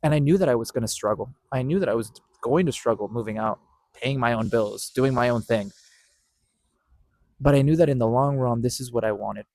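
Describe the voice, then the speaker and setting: A man's voice: medium pitch, a little fast, a little mellow, no room sound. Earnest young man telling a personal story. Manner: earnest, repetitive, with self-corrections. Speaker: podcast host.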